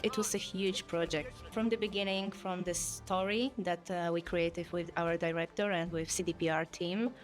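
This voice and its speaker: A woman's voice: lowish voice, steady tone, moderate pace, hardly any pauses, soft background music. A woman in a behind-the-scenes interview, recalling a large production with enthusiasm.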